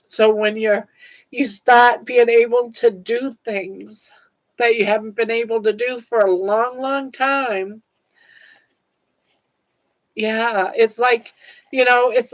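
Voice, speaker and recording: A woman's voice: a little high, muffled recording. An older woman hosting a casual livestream chat, tearful and earnest as she talks straight to her viewers. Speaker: livestream host.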